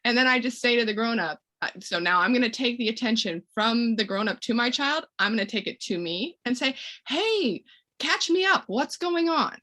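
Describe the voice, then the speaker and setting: A woman's voice: a little high, a little fast, pushed and bright. A woman on a parenting webinar panel, talking conversationally and acting out little scenes with voices.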